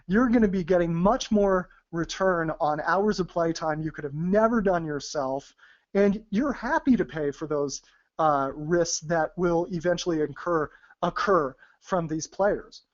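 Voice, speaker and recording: A male poker coach talks through a webinar in a fairly high voice, chatty and full of asides. He holds a deliberate, chest-driven presenter's voice. The audio sounds dull and lo-fi, like a muffled stream. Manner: deliberate presenter's voice spoken from the gut; chatty, with frequent fillers and asides.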